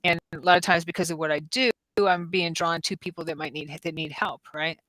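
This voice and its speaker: Chatty woman in her fifties, low-pitched. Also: fairly even intonation, a little fast, a bit bright, no echo, rough recording. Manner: chatty storyteller with many ums and restarts. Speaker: psychic-medium host. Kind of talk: casual livestream chat.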